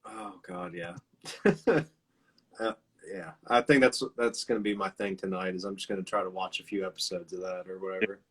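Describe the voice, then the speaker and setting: A man hosting a relaxed conversation over a video call. He rambles through his stories, laughs often and swears offhandedly. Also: low voice, moderate pace, slightly rough. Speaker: interview host. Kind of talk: casual video chat.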